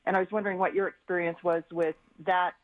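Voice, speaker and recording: A woman's voice: fairly low pitch, little pitch movement, quick pace, no echo. A woman calling into a radio show, an insurance agent asking a question in a polite, businesslike way. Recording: tinny phone line.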